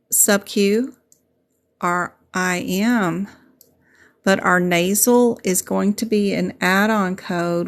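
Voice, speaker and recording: A middle-aged woman with a Southern US accent, a medical coding instructor explaining things patiently and repeating her points in a casual livestream. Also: mid-range voice. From Southern United States. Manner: patient, repetitive explaining, folksy asides. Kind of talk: livestream teaching and chat.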